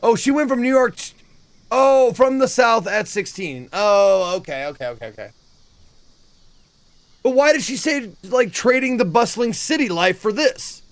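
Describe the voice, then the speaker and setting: A man's voice: extremely high pitch, animated, measured pace, no room sound. A man giving casual, joking commentary while playing a game, chatting and laughing often. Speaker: let's play gamer.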